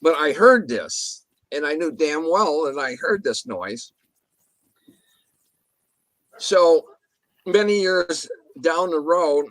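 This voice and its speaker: In a relaxed interview, a male guest tells about an encounter, meandering with restarts and light cursing while he mimics what other people said. His voice is a little high and a bit bright, recorded with no echo.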